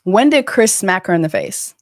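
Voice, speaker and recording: Emphatic woman commentator, lively voice. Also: mid-range voice, moderate pace, no echo, studio quality. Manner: emphatic, repetitive, profane. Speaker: host. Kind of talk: casual commentary.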